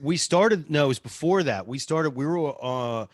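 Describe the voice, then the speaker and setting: A man's voice: fairly high pitch, expressive, normal speed, no room sound, clean studio sound. A man, a radio producer, telling stories casually in an interview, chatty and self-deprecating. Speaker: radio show producer and on-air personality.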